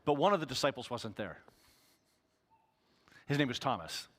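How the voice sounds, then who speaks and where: A man's voice: mid-range voice, very animated, normal speed, a bit bright, big-room sound. A male pastor giving a sermon in an earnest, conversational way.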